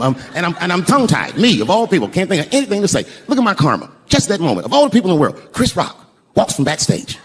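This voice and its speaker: A man telling a profane stand-up story on stage, breaking into shouted impressions. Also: on the high side. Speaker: stand-up comedian. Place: comedy stage before a live audience. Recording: live show with crowd laughter and noise.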